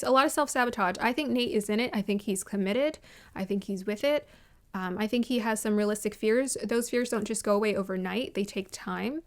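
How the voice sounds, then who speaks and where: A woman with a fairly high voice talks straight to her viewers in a casual, opinionated review. She is emphatic, circles back to repeat her points and laughs easily between them. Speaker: vlogger reviewing a reality show.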